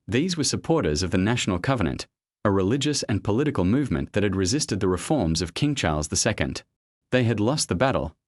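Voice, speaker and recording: Grave, deep-voiced male narrator. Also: no room sound, clean studio sound. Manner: grave, measured, with rhetorical questions. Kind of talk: scripted documentary narration.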